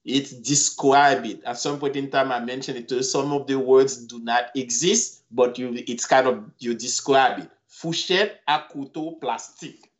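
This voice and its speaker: A man teaching a language lesson from slides, speaking slowly and repeating each word several times for learners. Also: medium pitch, steady tone. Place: home video call.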